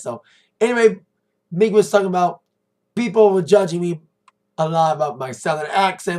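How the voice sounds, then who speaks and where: A man's voice: on the high side, darkish tone. A man giving a rambling, chatty recap of a wrestling show in a casual monologue, correcting himself as he goes.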